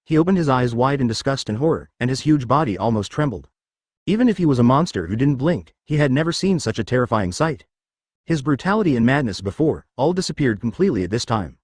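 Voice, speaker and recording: A man's voice: medium pitch, sing-song, fast talker, no room sound, studio quality. A man reading a web novel aloud as narrator, dramatic with stiff translated phrasing.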